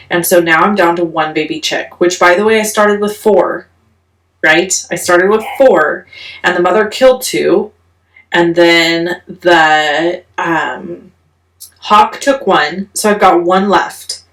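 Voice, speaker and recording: A woman vlogger telling a story in a casual, animated, self-mocking way. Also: fairly low pitch, slow pace, echoey room, distant mic. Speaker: crafting vlogger.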